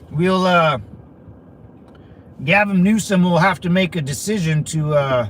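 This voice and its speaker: A man's voice: sits high, unhurried, a bit bright, slight background noise. A man rambling casually to his viewers as he drives, with lots of restarts and crude asides. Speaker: channel host chatting with viewers. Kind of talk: casual livestream chat while driving. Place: inside a car, driving around town.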